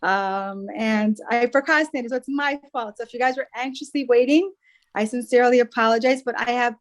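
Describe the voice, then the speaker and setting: A woman co-hosting a podcast as a matchmaker and dating coach, chatting in a bubbly, casual way. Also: on the high side.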